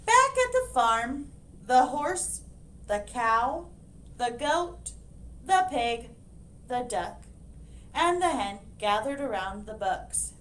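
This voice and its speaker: Woman, children's librarian, picture-book read-aloud, slow, bright high voice, faint hiss. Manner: expressive and animated, pointing out the pictures.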